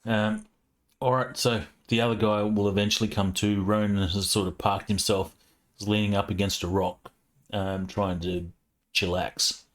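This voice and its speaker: A man serving as game master, narrating a tabletop game in a relaxed, conversational way with frequent fillers. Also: on the low side, moderate pace.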